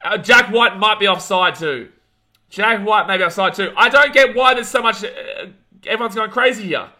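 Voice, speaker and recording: A young Australian man hosting a live watch-along of a rugby league match, calling the play, reading chat and ranting, shouting at big moments. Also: high voice, normal speed. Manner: excitable, rants, shouts at big plays.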